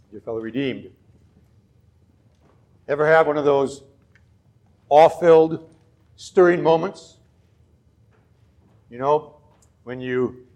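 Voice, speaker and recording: Earnest pastor, higher-pitched man. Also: a little mellow. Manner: measured, earnest preaching delivery. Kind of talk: scripture reading and sermon.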